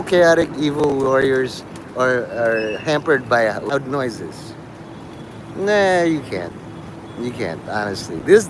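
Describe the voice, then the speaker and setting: Rambling profane man on a noisy street. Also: medium pitch. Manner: rambling, profane, jumps between topics. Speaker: livestream host. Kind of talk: rambling live-stream monologue. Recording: live stream with loud street noise.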